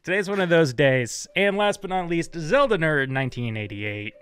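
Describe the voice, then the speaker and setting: A man's voice: fairly high pitch, lively intonation, normal speed, a bit bright, clean tone. A man hosting a tabletop game stream, chatty and joking, often apologizing as he introduces the players. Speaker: host. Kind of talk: casual stream chat.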